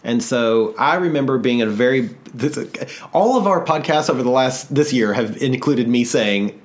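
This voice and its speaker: Male podcast co-host, mid-pitched, rambling storyteller, self-deprecating, salty language. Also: lively intonation, moderate pace. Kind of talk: casual storytelling chat.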